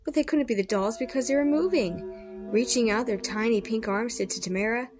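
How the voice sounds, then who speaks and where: A woman's voice: on the high side, brisk, over music. A woman reading a children's horror story aloud expressively, with small slips and rereads. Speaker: storybook reader.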